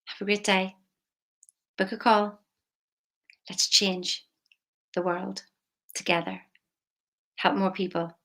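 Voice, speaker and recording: A woman, a money mindset coach talking casually, emphatic and chatty with soft intimate asides. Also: medium pitch, flat delivery, slow pace, long pauses. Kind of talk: casual motivational vlog.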